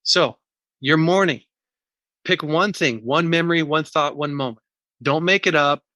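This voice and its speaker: A man's voice: a little high, a little slow, pushed and bright, dry recording. A man speaking as a podcast interview guest, earnest and candid as he explains a process step by step. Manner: earnest, teaching in numbered steps; candid and emotional about personal pain. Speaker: podcast guest, recovery coach.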